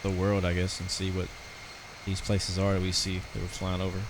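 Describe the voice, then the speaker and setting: Low-voiced American man streaming a flight sim. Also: completely flat delivery, fairly quick, background noise. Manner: casual, rambling, chatty with viewers. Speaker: live streamer.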